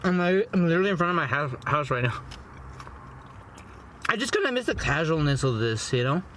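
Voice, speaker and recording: Eating in his parked car, this young food vlogger and movie reviewer talks loosely through a film review, rambling, repeating himself, and leaning on "you know" and "bro." His voice is a little high and a little fast, with big pitch swings and a slightly bright tone. A bit of hiss or hum sits under the recording.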